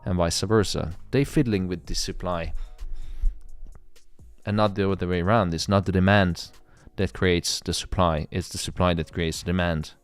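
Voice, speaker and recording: A man's voice: low-pitched, fairly even intonation, moderate pace, smooth, faint music behind. A man hosting a trading livestream in casual chat, joking and hyped, swearing freely as he talks to viewers. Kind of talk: casual live-stream chat.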